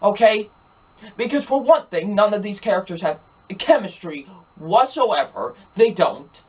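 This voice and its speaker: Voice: mid-range voice, animated, measured pace, a little mellow, breathy edge, dull audio. A film reviewer talking casually in a ranting movie review, exasperated and emphatic, repeating the same points over and over.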